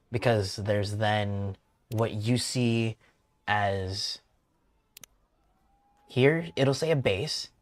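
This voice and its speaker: A man's voice: lowish voice, no echo. A man streaming a cozy video game, chatting and explaining casually with fillers and restarts.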